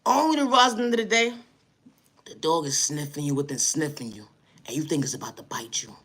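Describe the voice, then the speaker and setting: This woman's voice is low-pitched with a breathy edge, and she talks a little fast in a New York City accent. Her comedic story becomes an animated, exasperated, slang-heavy rant, looping through repeated catchphrases.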